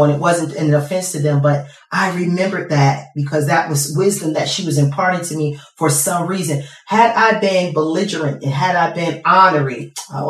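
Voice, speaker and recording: A woman's voice: low-pitched, distant mic. Impassioned woman preaching in an echoey hall. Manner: impassioned, swings from quiet to shouting. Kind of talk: sermon.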